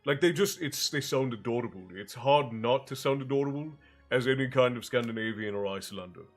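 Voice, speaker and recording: A man hosts a storytelling livestream with a stuffy, congested voice, sitting at a middling pitch. He rambles, restarts his phrases and greets viewers by name. Faint music plays beneath him. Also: fairly quick. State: congested, low on breath. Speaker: stream host and storyteller. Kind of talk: casual chat with a live chat, then reading a fantasy novel aloud. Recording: soft music underneath.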